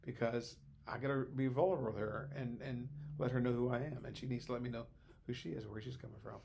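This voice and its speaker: A man's voice: mid-range voice, fairly even intonation, fast talker, creaky, noisy background. An older man, a former teacher, speaking as a podcast guest in a thoughtful, rambling way with many hesitations. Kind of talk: conversational podcast discussion.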